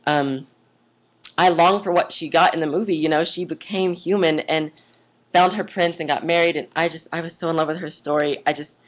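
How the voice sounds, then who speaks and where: At a normal speed, a young adult woman with a low, steady voice vlogs casually and chattily. Her monologue gushes and drifts into tangents, peppered with "oh my God" and "like."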